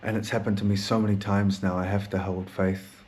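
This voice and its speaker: Hosting his podcast alone, this therapist speaks in a flat, fairly quick, low-leaning voice with a darkish tone, and the recording carries a little hiss or hum. His candid monologue wanders and turns melancholy, he swears a lot, and he laughs now and then even as he discusses sad things.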